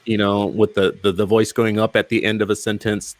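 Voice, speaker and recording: A man's voice: fairly low pitch, level tone, fairly quick, dry recording. A male podcast host in casual interview conversation, talking emphatically and firing off rhetorical questions.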